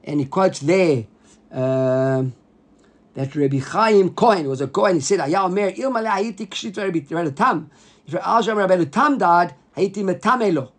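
Male Talmud teacher, high voice, lively and animated lecturing. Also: normal speed. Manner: animated, acts out the quoted rabbis in a raised voice; mixes Hebrew and Aramaic terms into English.

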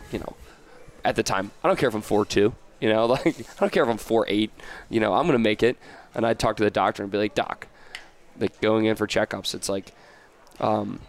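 An American man talking casually as a podcast guest, rambling and animated, with many restarts and fillers. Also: lowish voice. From United States. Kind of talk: casual interview chat.

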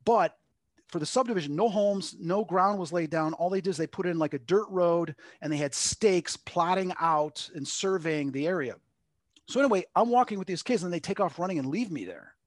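A man's voice: high-pitched, animated, moderate pace, no echo, clean studio sound. A middle-aged man from Long Island, a medium and interview guest, telling a personal story in a rambling way and acting out quotes. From Long Island, New York. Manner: rambling, acts out quotes with lots of "like".

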